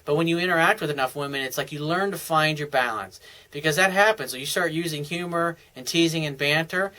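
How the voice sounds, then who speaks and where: A man's voice: a little high, a little fast, sharp tone, low-quality recording. A man giving casual, blunt dating advice as a coach, answering a viewer's email in a conversational monologue.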